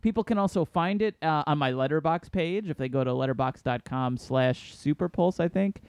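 A man's voice: on the high side, normal speed, a little mellow, smooth, no echo, clean studio sound. A man co-hosting a film podcast, bantering with self-mocking jokes and running the segments. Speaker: podcast co-host. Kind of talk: casual film review chat. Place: New York City studio.

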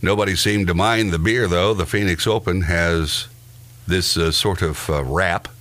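A man's voice: sits low, fairly even intonation, measured pace, a bit bright. A man co-hosting a podcast, chatting casually, reading out odd news items with dry asides and chuckles. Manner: dry, laughs at his own asides. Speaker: podcast co-host.

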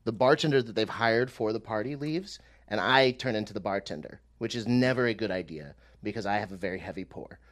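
A man's voice: fairly low pitch, fairly quick, hardly any pauses. A young man, a podcast co-host, telling a rambling and self-deprecating comic story, swearing casually.

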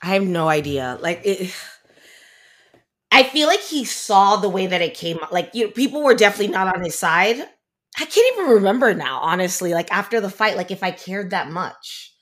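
A woman from Miami chats as a podcast guest, blunt and candid. Her voice sits at a middle pitch, and she talks freely with plenty of "like" fillers. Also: very animated, moderate pace, a bit bright. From Miami, United States. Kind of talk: casual chat.

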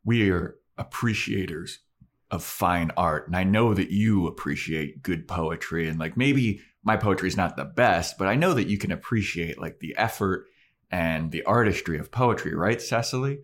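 A man's voice: sits low, normal speed. A man acting out a lovesick young poet who whines and stammers with earnest feeling. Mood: pleading.

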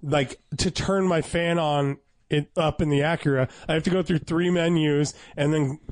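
Guy ranting casually w friends, swears a lot, dry sound, kinda high voice. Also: normal speed, dry recording. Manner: animated, swears freely, mock accents. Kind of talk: casual chat.

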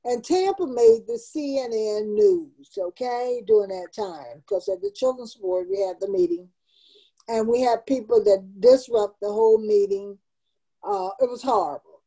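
A woman's voice: on the high side, warm tone, low-quality recording. A woman in her seventies, a community founder, telling her life story in an interview with earnest, emotional emphasis. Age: 70s.

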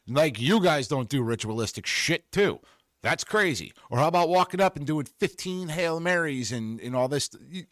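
A man's voice: on the high side, animated, normal speed, dry recording, studio quality. A middle-aged man hosting a podcast alone, fired up and sarcastic, swearing as he reads out listener comments. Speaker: podcast host. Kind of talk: solo podcast rant reading live comments.

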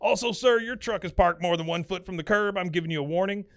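A man's voice: high-pitched, fast, fairly bright tone, clear, resonant tone, voice pushed up. Man doing a stiff officious security guard. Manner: stiff, formal.

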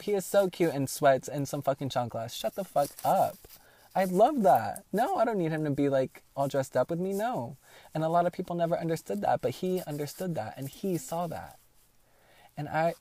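A man's voice: medium pitch, mellow. Profane, rambling young man telling a story. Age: young adult. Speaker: podcast host. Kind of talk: candid storytelling monologue.

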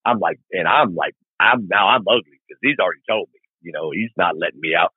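The podcast guest, a middle-aged man from Arkansas, USA, talks briskly in a low, slightly rough voice. He rambles through a lengthy motorcycle tale in casual storytelling style, acting out the characters with quoted lines. The audio is narrow and tinny, with no echo.

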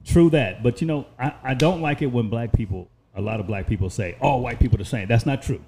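A man's voice: mid-range voice, a little fast, dark tone, slightly rough. A man guesting on a podcast, giving his opinions in an earnest, emphatic way. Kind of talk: casual chat.

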